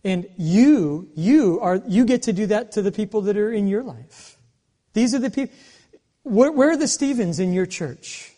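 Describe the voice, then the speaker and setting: A man in his forties preaching a sermon, telling a story in an animated, humorous way. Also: sits high, measured pace. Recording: long reverb of a large hall.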